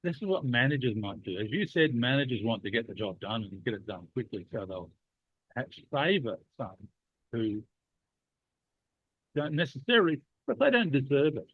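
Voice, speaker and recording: A man's voice: medium pitch, sing-song, moderate pace, breathy edge, no echo. A man with a cold hosting a leadership discussion, chatty and playfully teasing. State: has a cold. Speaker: leadership program host. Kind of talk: casual podcast discussion. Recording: dry, tinny phone-like line.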